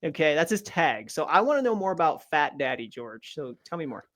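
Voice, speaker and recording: A man's voice: on the high side, very animated, a little fast, a bit bright. A man co-hosting a live podcast, chatting casually in a playful, teasing way and laughing often. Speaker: podcast co-host.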